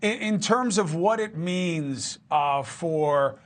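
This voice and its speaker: A man's voice: on the high side, animated, slow pace, a bit bright. A man hosting a TV news interview, asking direct and pressing questions. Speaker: TV news host.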